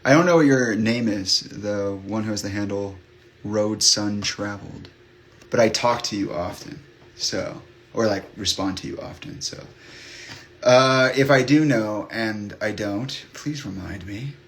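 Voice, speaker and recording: A man's voice: fairly low pitch, measured pace, fairly bright tone, slight background noise. A man hosting a livestream, chatting openly with his viewers in a rambling way full of fillers and restarts. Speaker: livestream host. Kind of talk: candid chat with live viewers.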